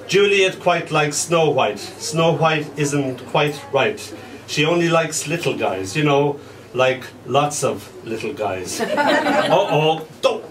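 A man reading his own poems aloud at a live poetry night, slow and deliberate, letting line ends fall soft and quiet. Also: mid-range voice, animated. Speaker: poet. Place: small poetry venue with an audience. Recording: distant live recording with audience noise. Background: audience laughing and murmuring.

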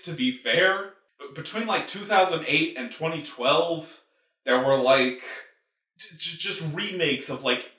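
A man's voice: fairly high pitch, fairly bright tone. A man hosting a movie review show, ranting in a casual, profane, exasperated way with lots of filler words. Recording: roomy echo.

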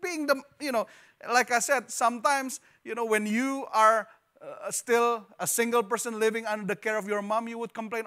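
A man preaching a sermon as pastor in a church, animated, repeating words and joking with the congregation. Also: sits high, moderate pace. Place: church hall.

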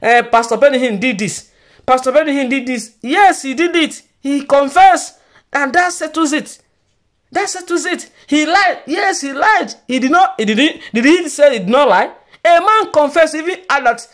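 Woman vlogger, high pitch, emphatic and preachy, keeps repeating herself. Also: expressive, unhurried. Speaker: church gossip vlogger. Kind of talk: casual commentary.

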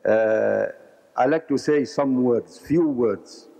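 A man, an audience member giving remarks after a lecture, speaking hesitantly with many pauses. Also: mid-range voice, creaky, warm tone. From Egypt. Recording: echoey hall.

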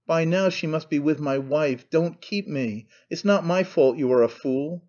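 A man's voice: fairly high pitch, unhurried, darkish tone, dull audio, natural voice. A man voicing a desperate young husband who makes curt, urgent demands.

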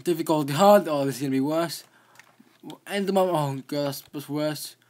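A young man narrating his own video game run in casual commentary, excitable and quick to exclaim. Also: a little high. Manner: excitable, easily startled, exclaims often. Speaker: gaming video host.

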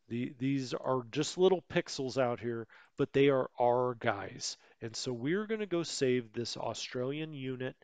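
A man's voice: medium pitch, smooth, no room sound. A man giving casual, rambling commentary over a strategy game he plays, often correcting himself and chatting in asides. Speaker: let's play host.

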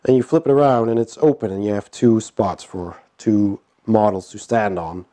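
A man with a cold and a nasal voice casually comments as he unboxes a board game, his fairly low voice moving at normal speed. He's relaxed, chuckling, and uses lots of fillers.

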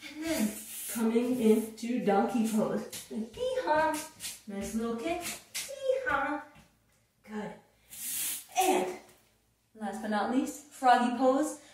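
A woman's voice: a little high, expressive, takes it slowly, pauses often, darkish tone, a little hiss or hum. A woman teaching a children's yoga class, leading it with playful sing-song chants. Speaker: kids yoga instructor. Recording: echoey room from far off.

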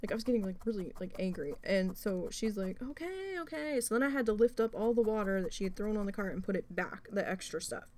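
A woman's voice: medium pitch, fast, hardly any pauses, a little mellow. A woman vlogger casually telling an exasperated story as she crafts, swearing often and restarting her sentences.

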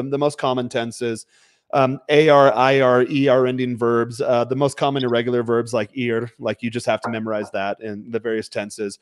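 A man in easy livestream conversation, blunt and emphatic, who lets a swear word slip now and then. His voice sits at an ordinary middle pitch. The sound is dry and close, with no room echo. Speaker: podcast host. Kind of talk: casual livestream chat. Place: home.

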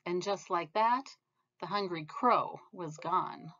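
A woman reading a children's picture book aloud in a gentle, expressive manner. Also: fairly low pitch, slow, lo-fi sound. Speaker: storybook reader. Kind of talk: storybook read-aloud.

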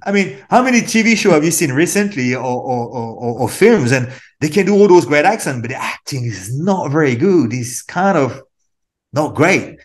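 A man's voice: a little high, normal speed. French-accented man chatting as a guest. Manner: animated, rambling, repeats words. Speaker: actor guest. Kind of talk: casual interview chat.

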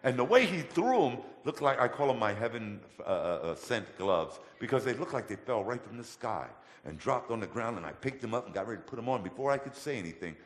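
A man telling his testimony as a guest in a church, colloquial and animated. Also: mid-range voice, fairly quick, hardly any pauses. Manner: animated, colloquial, acts out voices in his stories. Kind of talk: storytelling testimony. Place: church hall. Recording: echoey church hall with long reverb.

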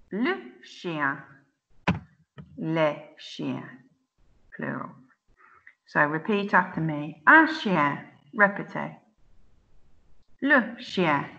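A woman teaching children an online French lesson, saying words slowly and clearly for them to repeat, chatty and laughing at her own slips. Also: low-pitched, pushed and bright, dull audio. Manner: slow, clear drilling of words for repetition; chatty and self-mocking, exclaims at slips. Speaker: primary school teacher.

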